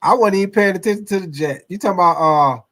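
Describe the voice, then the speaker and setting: A man's voice: high-pitched, fast, fairly bright tone. A man hosting a casual sports podcast who talks in a loose, rambling way, addresses his chat directly and laughs often.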